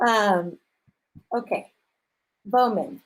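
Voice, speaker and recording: A woman chairing a school council meeting over a video call, casual and quick to laugh. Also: mid-range voice, poor audio. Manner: casual, laughing, running the vote.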